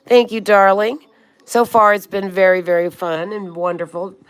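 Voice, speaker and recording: A woman's voice: medium pitch, normal speed, clean tone. A woman in her sixties hosting a casual livestream, chatting with viewers and calling them honey and sweetheart, with a swear here and there. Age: 60s. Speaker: livestream host. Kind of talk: casual livestream chat reading comments.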